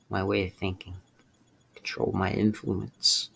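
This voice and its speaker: A young man with a low, gravelly voice talks through a painful personal confession. He halts and restarts, sounds close to tears, and swears out of frustration. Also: steady tone, a bit bright. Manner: halting, tearful, swearing in frustration. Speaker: streamer.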